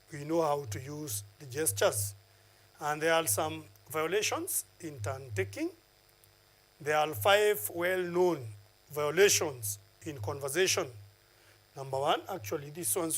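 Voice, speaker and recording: A man gives a televised classroom lesson and counts off one numbered point after another. He pauses on filler uhs as he lectures. His speaking voice sits fairly high for a man. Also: rough recording. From Kenya. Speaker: teacher.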